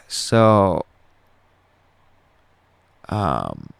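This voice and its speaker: Gravelly low-voiced man telling a story. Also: huge pitch swings, drawn-out words, a bit bright, no room sound. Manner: rambling, profane, with restarts. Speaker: podcast host. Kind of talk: casual storytelling monologue.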